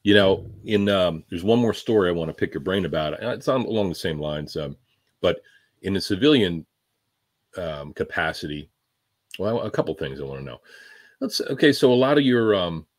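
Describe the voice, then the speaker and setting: A man hosting a casual interview, asking questions with many pauses and fillers. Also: low voice, lively intonation, dry recording, studio quality. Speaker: podcast host.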